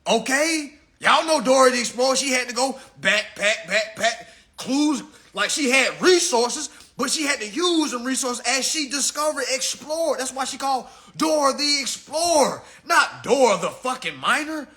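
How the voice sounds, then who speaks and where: A man in his thirties hosting a live stream, ranting to his audience in a profane, preachy and animated way. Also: very high voice, normal speed, hardly any pauses. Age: 30s. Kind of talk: casual rant on a live stream.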